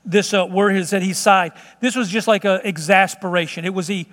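A man preaching a sermon in an emphatic, conversational way, at times dropping to slow, hushed tones. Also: high-pitched, steady tone. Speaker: pastor. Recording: long reverb of a large hall.

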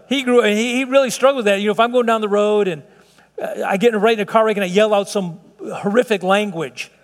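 Brief: middle-aged male pastor, high-pitched, earnest and chatty, church hall with long echo. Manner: earnest, conversational preaching with frequent restarts and chuckles. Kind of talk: sermon.

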